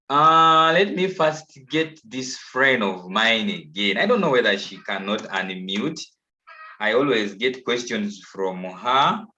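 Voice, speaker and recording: A man's voice: mid-range voice, pushed and bright. Patient Ugandan man teaching online. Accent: Ugandan English. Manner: coaxing, repeats himself patiently. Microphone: video call. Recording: dull, lo-fi online call audio.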